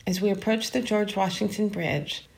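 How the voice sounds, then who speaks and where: A woman giving a calm, measured reading of a literary short story. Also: medium pitch, vocal fry.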